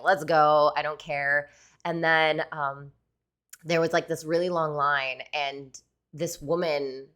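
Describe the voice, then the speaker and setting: A woman with a low voice recounts a personal story on her podcast. She talks casually and animatedly, scattering fillers through her sentences. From United States. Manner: chatty, animated, many fillers like "like" and "you know". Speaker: podcast host, tattoo artist.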